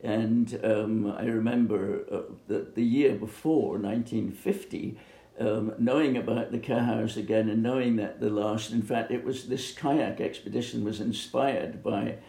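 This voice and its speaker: An older man from Bermuda recalling his youth in an oral history interview, speaking haltingly with many pauses and fillers. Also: on the low side, fairly even intonation, dark tone. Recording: echoey room.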